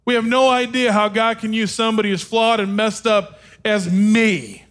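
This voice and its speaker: A man preaching from a stage, telling his own story in an animated, self-deprecating and humorous way. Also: high voice, normal speed. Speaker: speaker. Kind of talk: sermon with personal storytelling.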